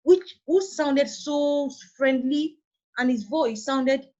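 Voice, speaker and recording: Nigerian woman, online English teacher, higher voice, patient explaining, muffled lo-fi sound. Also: mellow. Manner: patient, repeats points, explains slowly. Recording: dull lo-fi online class audio.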